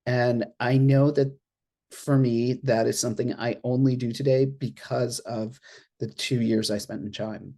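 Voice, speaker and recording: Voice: medium pitch, unhurried. An interfaith minister speaks on a panel from home over a video call. The delivery is casual and chatty, with frequent laughs and little acted-out asides. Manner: chatty and expressive, laughs often, acts out reactions in quoted asides. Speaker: interfaith minister and board treasurer on an alumni panel. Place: at home in an apartment.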